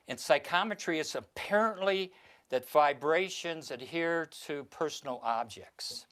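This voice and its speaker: A man on stage works a live audience through a mentalism routine, his voice sitting a little high. He talks in a showy, instructing way, often restarting his sentences mid-thought. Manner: theatrical, gives instructions, stumbles and restarts.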